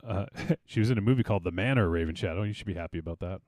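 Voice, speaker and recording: Podcast host, male, deep, casual rambly chatter, dry mic. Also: racing, a little mellow, no room sound. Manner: rambling, many fillers and restarts. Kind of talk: casual film discussion.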